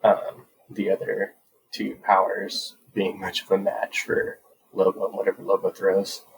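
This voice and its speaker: A man's voice: sits low, monotone, measured pace, vocal fry, a little hiss or hum, rough recording. A man co-hosting a casual comic-book podcast, chiming in with agreeable, jokey replies. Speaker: podcast co-host.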